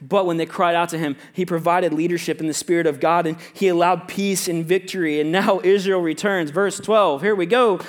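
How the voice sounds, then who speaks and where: A male pastor of students and young adults preaching a sermon to a congregation, chatty and joking, with quick asides between loud emphasis and quiet remarks. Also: sits high, steady tone. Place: church sanctuary with a congregation.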